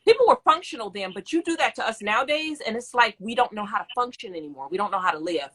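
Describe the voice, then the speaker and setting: A woman from Mississippi co-hosts a live-streamed talk show from home, talking quickly in a bright, slightly husky voice. She is chatty and laughs easily as she reads comments aloud to her guest. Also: fairly high pitch, animated. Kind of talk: casual live-stream interview chat. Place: home in the country.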